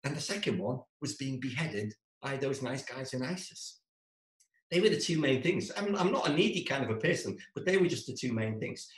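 A man telling a comic story to a live-streamed audience, acting out his own panicked lines in a shrill voice. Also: expressive, fairly quick, reverberant, low-quality recording. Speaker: stand-up storyteller.

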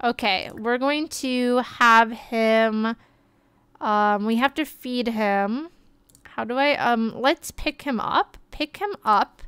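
Young woman, excitable game streamer, gushing chatty commentary, smooth clear voice, dry close sound. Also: a little high, slow pace, dry recording. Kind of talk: life-sim gameplay commentary.

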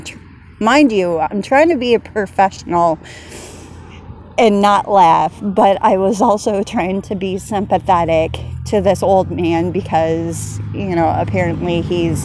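A woman's voice: medium pitch, darkish tone, slight background noise. A woman vlogger telling a funny story casually, giggling and laughing often as she goes.

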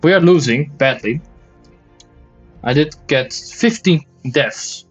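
On the high side and husky, the man's voice has lively intonation but a slow pace, with faint music playing behind. As a gaming video host commentating a shooter let's play, he jokes, swears and complains in exasperation, sometimes dropping into mock German or Dutch.

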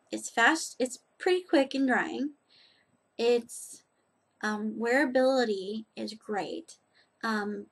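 A woman's voice: a little high, breathy edge. A woman chatting casually in a rambling, self-deprecating way as she reviews nail polish on her vlog.

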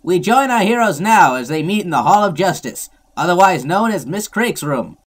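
A man's voice: sits high, animated, moderate pace, a little hiss or hum. A teenage boy narrating a comedy sketch in a mock-dramatic announcer style. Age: late teens.

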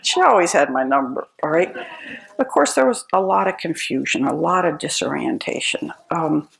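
Brief: older American woman speaker, animated, gravelly, dry humor. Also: deep voice, normal speed, poor audio. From United States. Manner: wry storytelling, self-deprecating humor. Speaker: speaker, philosopher. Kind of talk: personal talk to an audience.

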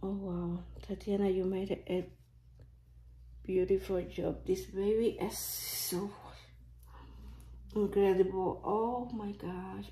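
Slow, gushing woman whispering in awe. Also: mid-range voice. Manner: gushing, often dropping to an excited whisper. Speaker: reborn doll unboxing vlogger. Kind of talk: casual unboxing commentary.

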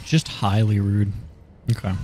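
A man's voice: fairly low pitch, flat delivery, measured pace, over music. A man streaming a video game, chatting casually to himself, swearing and yelping when surprised. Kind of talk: casual gameplay commentary.

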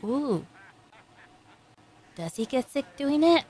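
A woman reacting to an anime, talking to the characters on screen and swinging between loud cheering and soft, sympathetic murmurs. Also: high-pitched, sing-song, slow. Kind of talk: emotional anime reaction commentary.

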